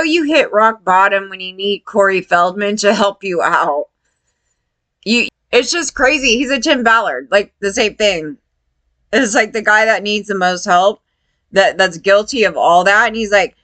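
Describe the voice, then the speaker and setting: A woman's voice: mid-range voice, moderate pace, no echo. A woman talking in a casual, rambling way, often laughing and acting out what others said. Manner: rambling, animated, laughs often, quotes people in voices.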